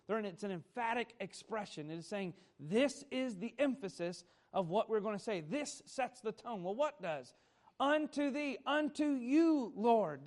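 A man preaching a Sunday morning sermon, teaching at a measured pace, stressing key words and putting questions to the congregation. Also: sits high. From America. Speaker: pastor.

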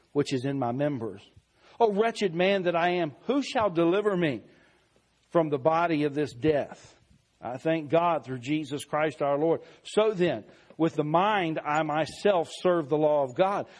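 A man preaching a sermon, reading scripture slowly and deliberately, swelling louder on key phrases and dropping soft. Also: a little high.

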